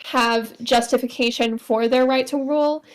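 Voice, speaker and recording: Young woman co-host, high voice, explains context in casual book chat. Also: steady tone, normal speed. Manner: explanatory, adds context and corrections. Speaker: podcast co-host.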